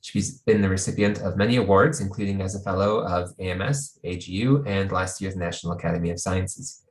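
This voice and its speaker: A man hosting a seminar on a video call, reading a formal introduction in an orderly way. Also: on the low side. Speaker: seminar host and moderator. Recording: echoey room.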